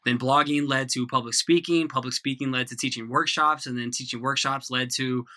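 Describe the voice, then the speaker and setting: A man's voice: mid-range voice, fairly even intonation, brisk, sharp tone. A man in his thirties from Iowa, a podcast guest with a joking, self-deprecating way of talking. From Iowa, United States. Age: 30s. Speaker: guest illustrator and lettering artist. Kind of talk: casual podcast chat.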